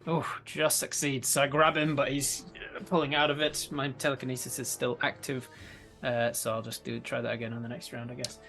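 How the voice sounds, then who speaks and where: A man's voice: medium pitch, little pitch movement, fairly quick, vocal fry, pushed and bright, soft background music. A man playing a tabletop game, describing his character's actions hesitantly as he thinks aloud. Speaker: player. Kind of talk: casual chat.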